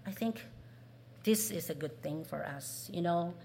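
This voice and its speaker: A woman's voice: fairly low pitch, unhurried, gravelly, mellow, slight background noise. A woman preaching a sermon, asking the congregation questions and acting out what people say. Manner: asks the congregation questions, acts out quoted voices.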